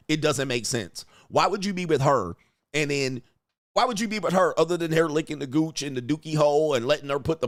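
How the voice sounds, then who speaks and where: A man's voice: on the high side, dry recording, studio quality. A man hosting a livestream, giving crude, combative commentary, berating his chat and laughing often. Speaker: livestream show host and dating coach.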